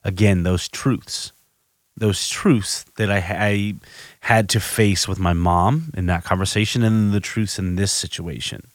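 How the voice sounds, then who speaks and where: Low-voiced guy talking candidly about recovery, lots of restarts, dry close sound. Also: fairly even intonation, a little slow, no room sound. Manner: candid, self-reflective storytelling with frequent restarts. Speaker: podcast host. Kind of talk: personal recovery monologue.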